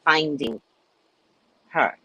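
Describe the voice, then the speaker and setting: A woman's voice: deep voice, drawn-out words, no echo, poor audio. A woman reading a spiritual book aloud and breaking off into candid, laughing commentary. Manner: animated, laughing, candid asides. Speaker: spiritual reader and speaker.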